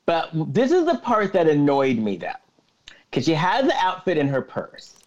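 A man recapping a movie in casual podcast chat, his pitch bouncing up and down as he tells each scene. His voice comes through a video call with a muffled, lo-fi sound. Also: huge pitch swings, normal speed. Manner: retells scenes with quoted lines. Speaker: podcast co-host. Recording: dull lo-fi sound.

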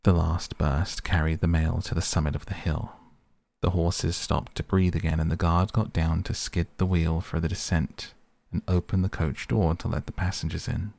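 A man narrating a classic novel in a measured storytelling manner. His voice is very deep and flat, with a gravelly grain. The recording is dry and close.

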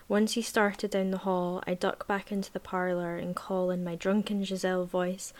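A woman with a medium-pitched voice, a book reviewer, reads from a novel in a steady, measured way before drifting into casual chat about the book.

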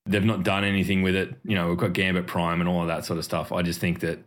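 A man's voice: low voice, little pitch movement, quick pace. A man hosting a casual gaming podcast, swearing freely and laughing often. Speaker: podcast host.

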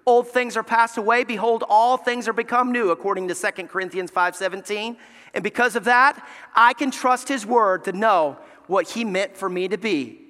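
A male pastor preaching a sermon, telling stories with animated, self-mocking humor. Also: high voice, moderate pace. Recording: reverberant hall.

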